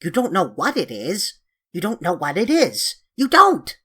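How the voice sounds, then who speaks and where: A woman's voice: medium pitch, huge pitch swings, unhurried, a bit bright, full character voice. A woman voicing a grumpy, self-pitying male sand fairy who gripes and whines, reading an audiobook of a classic children's story. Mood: grumbling. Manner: gruff and complaining, voice cracking.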